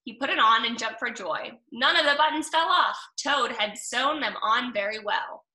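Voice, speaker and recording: A woman reading a children's storybook aloud in a clear, steady, gentle manner, in a roomy room with the mic at a distance. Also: a little high, moderate pace. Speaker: storybook reader.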